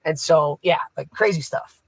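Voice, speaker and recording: Gravelly-voiced man telling a coaching story. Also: fairly high pitch, moderate pace, no room sound. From Canada. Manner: casual, filler-heavy, retelling conversations. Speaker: hockey coach, podcast co-host. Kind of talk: casual storytelling chat.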